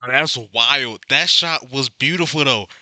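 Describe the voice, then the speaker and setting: A young man hosting a reaction video, talking in an excitable, slangy way and laughing often. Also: medium pitch, measured pace. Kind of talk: casual reaction commentary.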